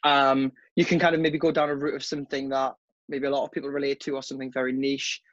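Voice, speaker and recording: A man's voice: medium pitch, little pitch movement, fast, fairly bright tone, dry recording. Laid-back young man, dull call audio. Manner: laid-back, rambling, says "mate" a lot. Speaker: podcast guest. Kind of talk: casual podcast chat over a video call.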